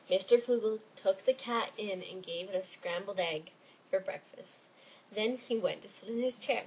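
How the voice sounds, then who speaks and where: A woman reading a children's story aloud in an expressive storytelling manner. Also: mid-range voice, moderate pace, lo-fi sound, slight background noise. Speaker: reader.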